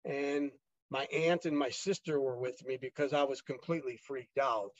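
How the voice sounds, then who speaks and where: A man as a podcast guest telling his own story in a casual, halting way, with many fillers and restarts. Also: medium pitch, fairly even intonation, dry recording, muffled recording.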